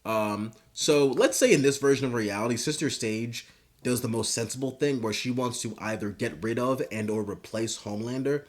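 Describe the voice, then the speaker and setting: A man's voice: mid-range voice, moderate pace. Casual rambling young man riffing. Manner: rambling, filler-heavy, profane. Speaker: YouTube commentator. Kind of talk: casual comedic commentary.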